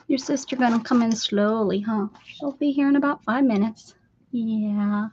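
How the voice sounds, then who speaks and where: A woman's voice: on the high side, normal speed, husky. A woman hosting a casual livestream from her craft room, calling to her pets in coaxing baby talk and sometimes dropping to a whisper. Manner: sing-song coaxing baby talk to cats, with soft whispers. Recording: dull lo-fi livestream audio with faint noise.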